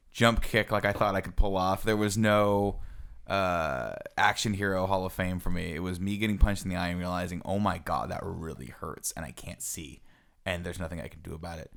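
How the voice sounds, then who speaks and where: A man's voice: deep voice, creaky, a bit bright, clear, resonant tone. A man in his thirties, a podcast co-host, telling a self-mocking story in casual chat. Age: 30s.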